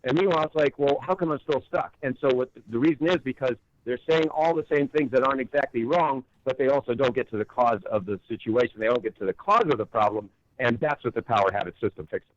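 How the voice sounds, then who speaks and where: A man's voice: medium pitch, quick pace, hardly any pauses, dry recording, highs cut off. A man as an interview guest, explaining with emphatic rhetorical questions and acted-out quotes. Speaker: guest author and coach.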